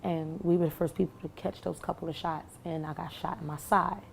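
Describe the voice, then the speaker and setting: A young woman recounting what she lived through, halting with many fillers and restarts. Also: fairly low pitch, fairly even intonation, gravelly, slight background noise. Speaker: shooting survivor. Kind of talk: recounting testimony to camera.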